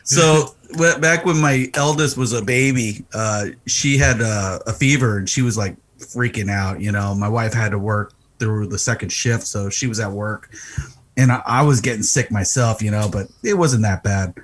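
A man's voice: on the low side, moderate pace, fairly bright tone. A man, a husband and father, telling stories in a laid-back, joking way in a casual podcast chat. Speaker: podcast co-host.

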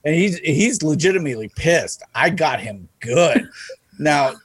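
A man casually telling a profane workplace story, trailing off quietly between lines. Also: on the high side, animated, measured pace, slightly rough, no echo. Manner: profane, trails off quietly, acts out voices in stories.

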